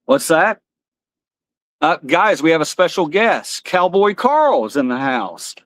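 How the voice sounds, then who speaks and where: A man's voice: fairly high pitch, sing-song, a little slow, a bit bright, no room sound. A man hosting a live stream in loose, joking chat, laughing at himself.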